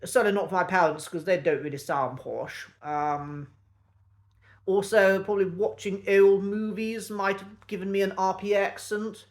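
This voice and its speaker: An English man with a posh Received Pronunciation accent, talking to camera in a measured, precise way with frequent pauses and ums. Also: high-pitched. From England. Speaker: accent teacher and channel host. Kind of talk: reflective solo talk to camera.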